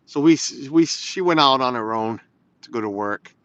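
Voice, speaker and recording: A man chats casually with viewers as he drives in the snow, rambling and reading comments aloud on a live stream from inside his car. His mid-range voice is a bit bright with lively intonation and a moderate pace, with no room sound. It's captured as slightly dull lo-fi phone audio.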